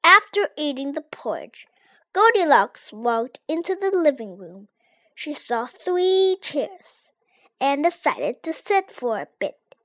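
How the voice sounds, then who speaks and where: A child reading a storybook aloud in a slow, careful way. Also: sits high. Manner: slow, careful read-aloud with lively ups and downs. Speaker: reader.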